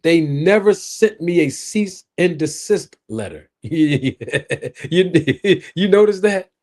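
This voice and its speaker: A man's voice: a little high, takes it slowly. A man hosting a live stream, joking and talking straight to his viewers into his own microphone. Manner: animated, joking, talks straight to his chat. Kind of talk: casual live stream chat.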